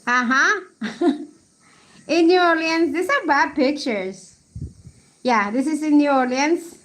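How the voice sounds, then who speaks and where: A woman in her forties from Colombia with a high voice talks slowly as she hosts a live stream. She chats casually, laughs often and reminisces, reading comments from her chat between stories. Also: expressive, a bit bright. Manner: chatty, laughs often, reminiscing over photos. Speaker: livestream host.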